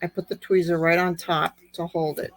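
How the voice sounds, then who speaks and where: A woman with a slightly squeaky voice, chatting through a card-making tutorial step by step. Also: flat delivery, rough recording. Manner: unhurried, chatty step-by-step explaining. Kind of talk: craft tutorial narration.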